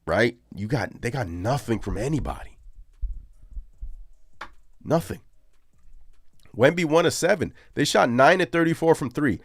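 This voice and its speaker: Excitable ranting sports show host man. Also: medium pitch, brisk, no room sound. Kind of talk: live postgame reaction show.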